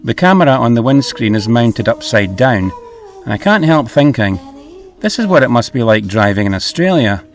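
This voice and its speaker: Brief: middle-aged man, relaxed travel vlog host, soft music under him. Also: medium pitch, normal speed. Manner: easygoing, hesitant with fillers.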